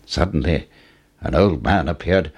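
A man reading a fairy tale aloud as a storyteller, with expressive rises and falls. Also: a little slow, husky. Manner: expressive, with wide swings in pitch.

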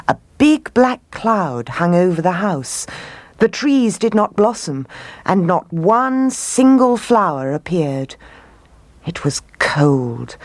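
Casting note: woman storyteller, low voice with lots of melodic movement, unhurried. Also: dry recording. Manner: gentle, expressive read-aloud. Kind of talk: storybook reading aloud.

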